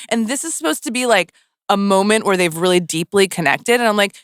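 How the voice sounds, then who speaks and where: A woman's voice: mid-range voice, quick pace, clear, resonant tone, no room sound, clean studio sound. A woman guest on a podcast, chatting casually in a blunt, dramatic way and swearing for emphasis. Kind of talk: casual chat.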